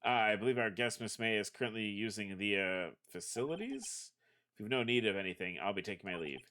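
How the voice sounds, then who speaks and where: A man's voice: fairly low pitch, lively intonation, fairly quick, pushed and bright. A man voicing a young male hotel bellboy who speaks formally and deferentially, reading game dialogue on a stream. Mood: courteous. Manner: formal, deferential, says sir a lot.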